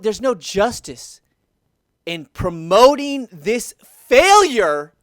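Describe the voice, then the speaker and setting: A man's voice: high voice, no room sound. A man in his thirties delivers a heated political rant. He repeats points, restarts sentences and swears as his frustration builds. The recording is dry and close. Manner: heated, repetitive, restarts and swears when riled. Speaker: video commentator. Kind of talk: ranting political commentary.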